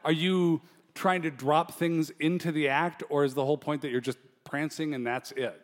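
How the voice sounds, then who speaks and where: Male talk show host, quick chatty questions. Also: fairly high pitch, steady tone, in a large hall.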